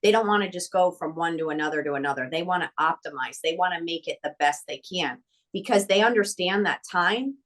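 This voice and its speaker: Animated woman coaching with emphatic energy. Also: lowish voice, fairly quick. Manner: animated, acts out quoted dialogue. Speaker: mental skills coach. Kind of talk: podcast interview.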